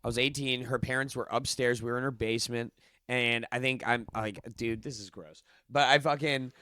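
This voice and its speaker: A young man talks on a studio podcast, retelling an awkward story with crude humor. His voice is bright and forceful, recorded close and dry. He acts out every quote he tells. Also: mid-range voice, fairly even intonation, normal speed, no room sound. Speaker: podcast co-host. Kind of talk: crude casual chat.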